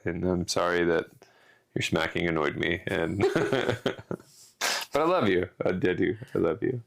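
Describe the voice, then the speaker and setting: A man's voice: low voice, measured pace, creaky. A man co-hosting a casual podcast, rambling through a rant with restarts and some swearing. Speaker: podcast co-host.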